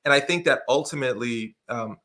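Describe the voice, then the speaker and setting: Bright, expressive man guesting on a talk show. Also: medium pitch, brisk. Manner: energetic, expressive storyteller with many fillers and restarts. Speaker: guest speaker. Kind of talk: casual conversational interview.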